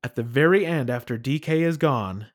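A man co-hosting a casual podcast, leading the talk in a relaxed, storytelling way. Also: medium pitch, moderate pace. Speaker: podcast co-host. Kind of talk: casual chat.

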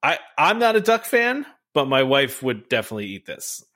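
Man, podcast co-host, casual chat, upbeat, mid pitch, laughs a lot. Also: big pitch swings, normal speed, a bit bright.

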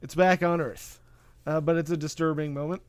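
A man's voice: fairly high pitch, steady tone, a little fast, clean tone, dry recording. A man hosting a podcast, recapping a film in a rambling, casual way with lots of fillers and asides. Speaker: podcast host. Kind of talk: casual movie recap chat.

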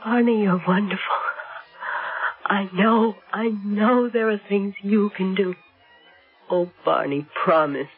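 An actress playing a frightened young wife who is afraid of dying, speaking breathily in a 1970s radio drama, on a tinny old broadcast recording. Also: female voice, medium pitch, unhurried, long pauses, faint music behind, close to an everyday voice. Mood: pleading. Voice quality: breathy, pleading.

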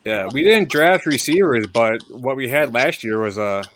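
Male interviewer, relaxed casual chat, mid-range voice. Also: medium pitch, moderate pace.

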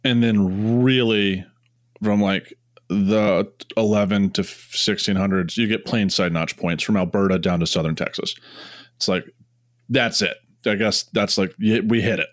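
A man's voice: fairly low pitch, steady tone, unhurried, dry recording, clean studio sound. A young man co-hosting a podcast, talking in a rambling, joking way full of fillers. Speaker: podcast co-host. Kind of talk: casual chat.

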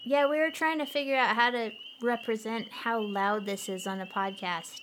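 Giggly chatty woman, slightly high. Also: normal speed, a little hiss or hum. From Colorado. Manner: chatty and giggly, animated storytelling. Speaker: podcast co-host. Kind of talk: casual chat.

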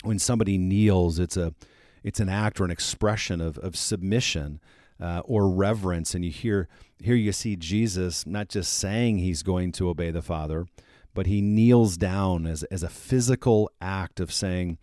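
A man's voice: low-pitched, normal speed, dark tone, no echo, studio quality. A man hosting a faith podcast, giving an earnest devotional teaching on prayer and citing Bible verses as he explains them.

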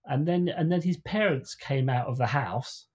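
A man's voice: mid-range voice, moderate pace, a little mellow, husky. A man co-hosting a podcast, telling a long story in a rambling, casual way with many restarts. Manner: rambling storyteller, acts out quoted voices. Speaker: podcast co-host. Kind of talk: casual chat.

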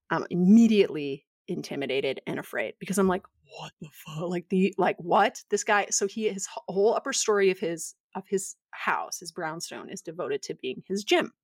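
A woman's voice: on the low side, no echo. Lady podcast host telling a funny story, close dry mic. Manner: animated storyteller, acts out quotes. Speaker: podcast co-host, yoga teacher. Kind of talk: casual storytelling chat.

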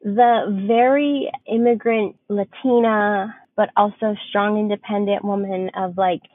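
A woman's voice: medium pitch, fairly even intonation, measured pace. A young woman co-hosting a podcast, talking candidly in casual chat, swearing freely and full of fillers. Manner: frank, swears freely, chatty with many fillers. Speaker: podcast co-host. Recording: tinny phone-like dry sound.

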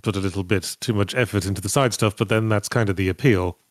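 A man's voice: lowish voice, quick pace, dry recording. A man co-hosting a casual podcast chat, reading donor messages aloud with wry, dry asides.

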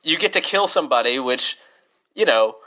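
A man's voice: mid-range voice, lively intonation, moderate pace, bright, forceful tone. A man co-hosting a casual podcast, joking around and reading listener questions aloud. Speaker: podcast co-host. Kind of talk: casual chat.

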